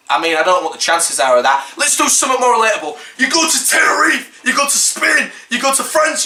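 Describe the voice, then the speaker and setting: A young man with a Hull, East Yorkshire accent rants through a reaction commentary, sarcastic and exasperated, swearing freely. His voice sits high for a man and sounds bright. The room around him is echoey. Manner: exasperated, sarcastic, swears a lot, mocks with put-on quotes. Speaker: vlogger.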